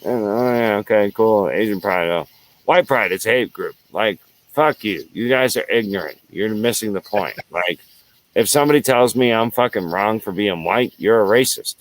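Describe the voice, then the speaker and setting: Man, angry rant, swears constantly, repeats himself, lowish voice, crickets in the background. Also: normal speed, no echo. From United States. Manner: profane, heated, repetitive. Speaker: show host.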